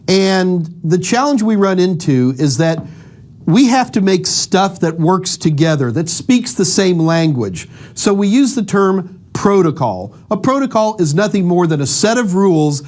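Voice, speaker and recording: A middle-aged man giving a casual explanatory lecture, lively and acting out little dialogues to make his points. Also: sits high, measured pace. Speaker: instructor.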